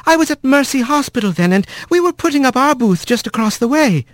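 A man voicing a brisk, kindly female wren nurse in a storybook, speaking in a prim, earnest and precise way. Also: extremely high pitch, lively intonation, no room sound, voice pushed up.

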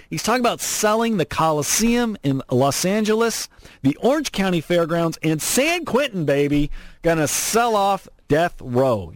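A man's voice: a little high, no room sound. Sarcastic, emphatic male talk radio host. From Southern California. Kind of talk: opinionated political talk radio monologue. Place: radio studio.

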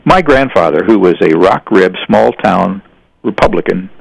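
A man's voice: low-pitched, animated, normal speed, creaky, no echo, low-quality recording. An older man telling folksy stories in a rambling conversational way, often restarting his sentences. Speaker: guest. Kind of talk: storytelling in casual conversation.

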